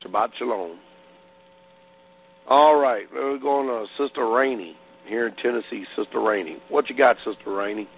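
A man's voice: mid-range voice, moderate pace, husky. A man hosting a call-in radio show as pastor, greeting callers and answering in short replies over a tinny phone-line sound. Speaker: radio pastor taking calls.

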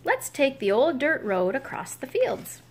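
Woman doing a fussy older gentleman motorist. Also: sits high, very animated, unhurried, exaggerated voice. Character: fussy older man driving a motor car.

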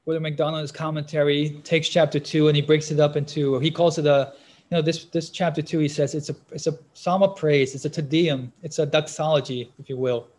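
A man preaching a sermon, pausing often on fillers and restarts, getting louder and more forceful when he reads scripture aloud. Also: fairly high pitch, level tone.

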